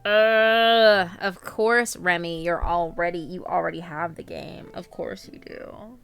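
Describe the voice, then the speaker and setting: A woman's voice: lowish voice, steady tone, slow pace, gravelly, a bit bright, clear, resonant tone, faint music behind. A young woman streamer chatting casually with viewers, reading out their names between lots of ums and laughs. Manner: chatty, reads out viewer names, filler-heavy. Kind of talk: casual live-stream chat.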